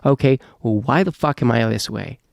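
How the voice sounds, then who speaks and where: A man's voice: medium pitch, normal speed, vocal fry, no room sound, clean studio sound. A man, a podcast host now interviewed in casual chat, talking candidly and rambling, swearing freely.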